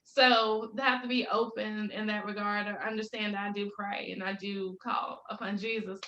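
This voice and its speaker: A woman's voice: medium pitch, flat delivery, moderate pace, bright, forceful tone, highs cut off, slight background noise. A woman in her thirties, a business coach talking as a podcast guest, upbeat and laughing often as she tells stories. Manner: upbeat, laughs often, faith-filled storytelling. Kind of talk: casual interview chat. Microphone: video call. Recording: roomy echo.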